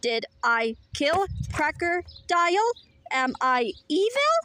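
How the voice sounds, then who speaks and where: A woman voicing a lonely, gentle male robot who loves hugs, speaking slowly and simply in a children's book read-aloud. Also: sits high, big pitch swings, a little hiss or hum, full character voice. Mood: worried. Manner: slow, simple, halting robot speech.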